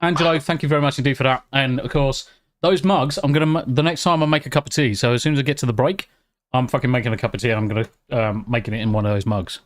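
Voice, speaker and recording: A British man chatting casually on a live stream. He reacts excitably to chat and swears freely. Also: medium pitch, quick pace. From United Kingdom. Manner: excitable, swears freely, talks while eating.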